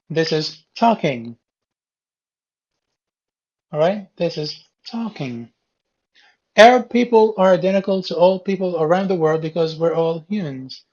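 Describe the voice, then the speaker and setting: Slow, patient male teacher in class. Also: on the high side, a little mellow. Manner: repeats key words patiently, explaining step by step. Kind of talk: going over a reading quiz with a class. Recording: dull lo-fi classroom recording.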